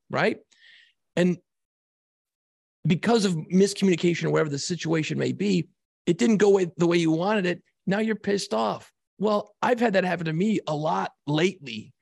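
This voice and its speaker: A man's voice: fairly high pitch, gravelly, no room sound, clean studio sound. A man chatting casually as a podcast co-host, reflective and profane, often checking in with the listener. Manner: reflective, profane, asks "you know what I mean".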